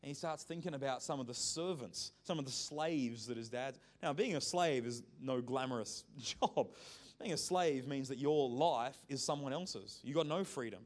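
A man's voice: medium pitch, normal speed. A man preaching a sermon, telling a story in a conversational, joking way. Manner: conversational, lively storytelling with jokes.

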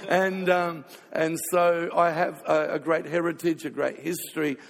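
A man preaching a sermon full of playful comic stories and quick asides. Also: fairly high pitch, little pitch movement, gravelly. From Australia. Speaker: pastor. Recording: long hall reverb.

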